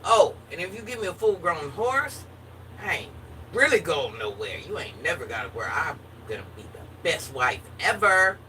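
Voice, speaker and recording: A woman's voice: low voice, sing-song, normal speed, bright, forceful tone. A woman chatting casually with her viewers in a playful, joking manner. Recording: distant mic with faint background noise.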